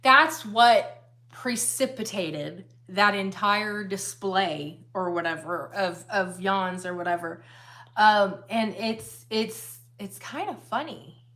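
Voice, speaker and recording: A woman on a casual livestream, chatting with her husband and reading viewer comments aloud, rambling and relaxed. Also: mid-range voice, slow. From United States. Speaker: livestream co-host.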